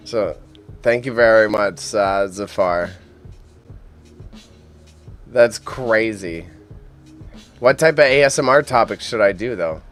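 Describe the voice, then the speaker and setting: A man's voice: on the low side, measured pace, long pauses, fairly bright tone, faint music behind. Joking young man on a livestream. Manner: joking, self-deprecating, laughs often, banters with chat. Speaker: livestream host. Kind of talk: casual live-stream chat.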